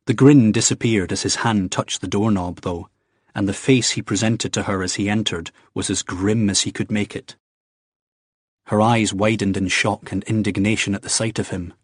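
Husky-voiced male audiobook narrator. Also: lowish voice, fairly even intonation, normal speed, no echo, clean studio sound. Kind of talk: scripted narration.

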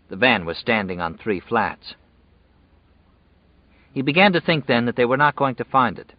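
A man reading a novel aloud in measured, even scripted narration. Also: medium pitch, no room sound. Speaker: audiobook narrator. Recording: dull dry lo-fi audio.

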